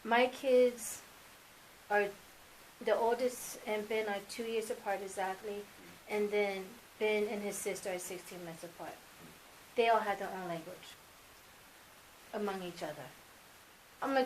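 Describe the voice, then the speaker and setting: A mother speaking as an interview guest, telling family stories in a casual, animated way and acting out remembered dialogue. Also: medium pitch, a little slow, pauses often, slight background noise, low-quality recording. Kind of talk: casual sit-down interview storytelling.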